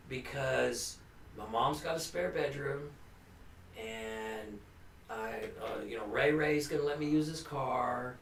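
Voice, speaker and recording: A man, a recovery counselor, giving an informal, earnest talk to a family group, with restarts and frequent "you know". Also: medium pitch. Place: meeting room. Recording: echoey room, distant mic, faint hum.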